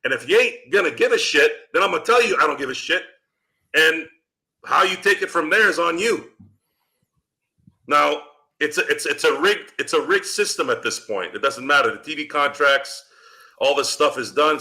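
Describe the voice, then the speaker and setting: A man's voice: fairly high pitch, expressive, normal speed, sharp tone. A man hosting a sports fan show, delivering a profane postgame rant full of rhetorical questions. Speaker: podcast host.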